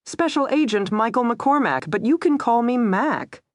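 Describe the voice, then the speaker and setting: A woman's voice: fairly high pitch, animated, moderate pace, dry recording, voice pushed up, close to an everyday voice. A woman voicing an easygoing male state agent with a Southern accent, drawling politely in an audiobook. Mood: amused drawl.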